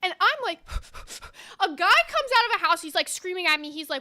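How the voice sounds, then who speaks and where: A young woman co-hosting a casual podcast, telling a story in an animated, profane way with lots of "like". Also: very high voice, brisk. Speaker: podcast co-host.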